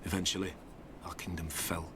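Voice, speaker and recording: A weary, melancholy old mercenary, his voice sitting very low and hushed. He speaks slowly and solemnly, like a game character. A clear hiss runs under the game audio. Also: level tone.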